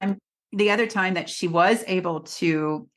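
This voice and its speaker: A woman's voice: on the low side, measured pace, a bit bright. Conversational woman interviewer. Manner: conversational, laughs easily. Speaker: interview host. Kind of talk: casual interview.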